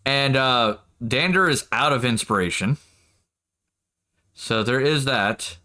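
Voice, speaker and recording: A man narrating as game master of a tabletop game, laughing often and getting excited. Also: medium pitch, slow pace.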